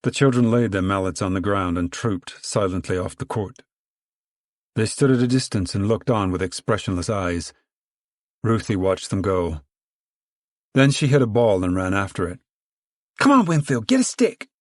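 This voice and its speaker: A man narrating a novel in steady storytelling, acting out the dialogue. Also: deep voice, moderate pace, no echo, clean studio sound. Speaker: audiobook narrator. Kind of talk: scripted narration.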